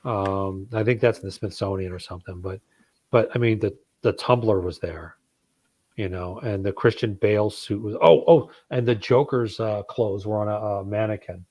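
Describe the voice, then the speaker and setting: A man's voice: lowish voice, normal speed, darkish tone. A man in a casual online chat, telling a story in a rambling way with many fillers and restarts. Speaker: guest in a geek chat stream.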